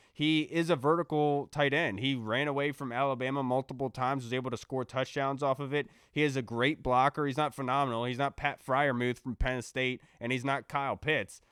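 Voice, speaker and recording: Podcast co-host, man, smooth clear voice, dry close mic, confident delivery. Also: medium pitch, fairly even intonation, brisk, few pauses, a bit bright, no echo. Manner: confident, reads listener questions. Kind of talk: casual sports podcast chat.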